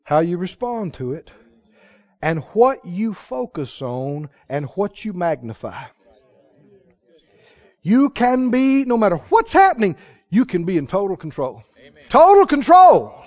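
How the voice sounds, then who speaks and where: A man's voice: high voice, big pitch swings, a little slow, pauses often, a little mellow, highs cut off. A man preaching a sermon with emphatic, repetitive phrasing that rises to exclamations.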